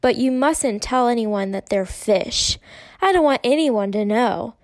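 Woman doing a stubborn little girl, wailing, bellowing, high-pitched. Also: expressive, unhurried, no room sound. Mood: coaxed.

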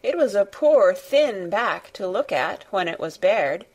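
Woman narrating a storybook slowly. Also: mid-range voice, very animated, a little mellow. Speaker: reader. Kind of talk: audiobook narration.

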